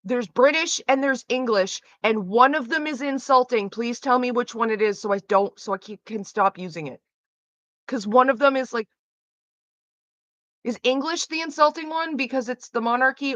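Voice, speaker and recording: A woman's voice: a little high, fairly bright tone, no echo, muffled recording. A woman streamer chatting casually with her viewers, rambling with lots of "like" fillers. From Canada.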